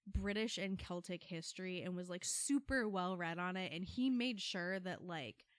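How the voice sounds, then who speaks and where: A woman's voice: fairly low pitch, moderate pace, no room sound. A woman co-hosting a podcast in casual chat, laughing often and slipping into voices for her stories. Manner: chatty, laughs often, plays voices in anecdotes. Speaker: podcast co-host. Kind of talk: casual chat and dramatic poem reading.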